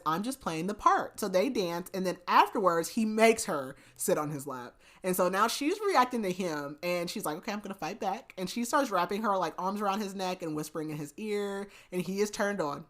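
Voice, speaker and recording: With a medium-pitched, fairly bright voice, a woman hosting a podcast gives a casual recap of a book's plot. It's a chatty retelling full of "like" and "basically," sprinkled with laughing asides.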